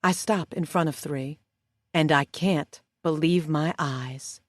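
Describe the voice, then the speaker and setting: A woman narrating a first-person psychological thriller audiobook in a steady, measured way. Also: low-pitched, dry recording.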